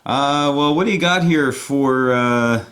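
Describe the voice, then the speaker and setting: A man's voice: mid-range voice, slow, a bit bright. A man hosting and commenting on a board game, upbeat and chatty as he hands over to each player. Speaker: host and game narrator.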